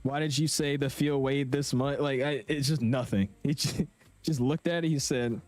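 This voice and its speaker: A man's voice: medium pitch, steady tone, moderate pace, darkish tone, no room sound, faint music behind. A young man chatting casually with viewers on a live stream, slangy and talkative. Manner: chatty, slangy, reads chat aloud. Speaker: flight sim streamer.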